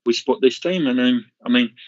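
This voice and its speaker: Male caller, mid-pitched voice, rambling nostalgic chat, muffled lo-fi line. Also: brisk. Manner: reminiscing, rambling with restarts. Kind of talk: casual chat.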